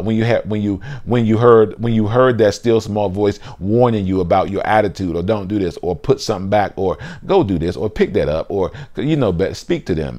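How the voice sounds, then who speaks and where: Animated man preaching on a livestream. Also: on the low side. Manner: animated preaching, repeats words and restarts, casual Southern-style "y'all". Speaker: pastor. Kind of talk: livestream sermon. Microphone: phone.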